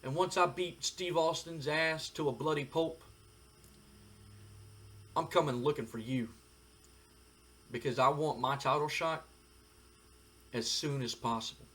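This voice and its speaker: A man voicing a menacing male wrestler, speaking in a slow, threatening drawl. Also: on the high side, pushed and bright. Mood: confident.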